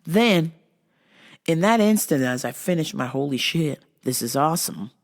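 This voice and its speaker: A woman podcast host telling a profane, animated story in casual talk. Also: sits low, moderate pace.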